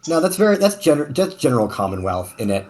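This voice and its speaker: A man's voice: fairly high pitch, sing-song, fast, darkish tone. A man, a tabletop player, joking and rambling in casual chat on a video call. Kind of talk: casual chat during a game break.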